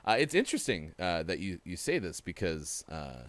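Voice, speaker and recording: A man's voice: low-pitched, big pitch swings, moderate pace, fairly bright tone, dry recording. A man hosting a casual gaming morning show, joking while he reads out birthdays and trivia.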